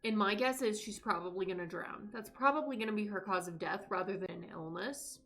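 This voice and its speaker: A young woman livestreams a life-sim game, giving casual commentary as she chats with her characters and her viewers. Her voice is medium in pitch, a bit bright, and a little fast.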